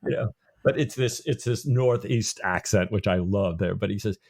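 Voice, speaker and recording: A man's voice: lowish voice, moderate pace, creaky. A man co-hosting a podcast, retelling a novel's chapter in casual chat and acting out its lines. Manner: animated storytelling with quoted lines. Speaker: podcast co-host.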